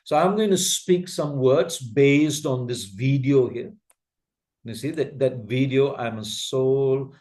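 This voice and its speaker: A man with an Asian English accent runs a slow, step-by-step video-editing class, patiently repeating steps and often checking that learners can keep up. His voice is medium-pitched, a little slow and a little mellow.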